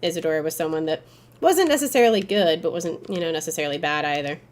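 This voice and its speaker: A woman's voice: low voice, expressive, fast talker. A woman streamer chatting casually with her viewers while playing a game, rambling and hedging as she talks. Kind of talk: casual gameplay commentary.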